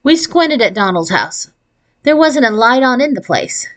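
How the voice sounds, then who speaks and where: A woman's voice: a little high, very animated, normal speed, a bit bright, no echo. Woman reading a children's book aloud. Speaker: storyteller.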